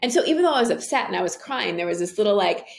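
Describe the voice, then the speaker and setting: Woman guest talking earnestly, bit of gravel in her voice. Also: medium pitch, racing. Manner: earnest, animated storytelling. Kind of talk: casual interview conversation.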